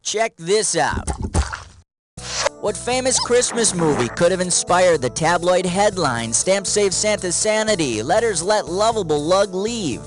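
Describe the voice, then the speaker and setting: A man as a lively wisecracking quiz host. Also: high-pitched, unhurried. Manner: wisecracking, chuckling, energetic. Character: smarmy male game show host. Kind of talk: scripted game show hosting. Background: game music.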